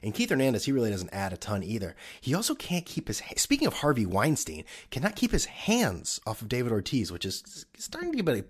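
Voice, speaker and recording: A man's voice: mid-range voice, huge pitch swings, fairly quick, hardly any pauses, slightly rough. A man ranting casually about sports, rambling and sarcastic, swearing often.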